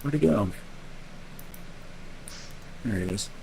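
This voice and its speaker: A man streaming a racing game, explaining car setup in a relaxed, teasing way. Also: lowish voice, takes it slowly, creaky, slight background noise, poor audio. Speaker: streamer and race car driver. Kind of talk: live-stream gameplay commentary.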